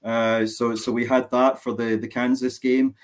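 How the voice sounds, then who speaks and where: A man's voice: medium pitch, level tone, measured pace. A man from Scotland, a mild-mannered guest talking hesitantly in a casual interview. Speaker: guest fan.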